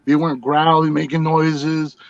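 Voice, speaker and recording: A middle-aged man with a slightly high voice tells a long story in a loose, rambling way. The sound is dry and a bit dull and lo-fi. He speaks as a guest on a podcast. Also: little pitch movement, normal speed, creaky, dry recording. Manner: rambling, laid-back storyteller. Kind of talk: casual storytelling.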